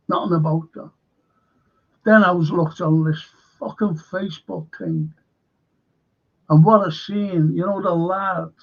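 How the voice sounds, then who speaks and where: Male host, gravelly and fairly high-pitched, rambling angry monologue. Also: muffled recording. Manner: indignant, rambling, heavy swearing.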